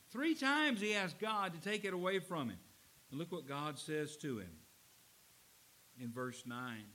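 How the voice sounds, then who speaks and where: A man preaching a sermon, earnest, slowing down to stress key lines. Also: on the high side, animated, sharp tone, rough recording. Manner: earnest preaching, slows for emphasis. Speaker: pastor.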